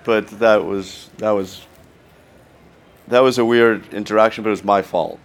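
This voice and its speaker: A man with a deep voice chats as a guest. He tells a story in a halting, self-deprecating way, full of restarts. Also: steady tone. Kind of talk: casual chat.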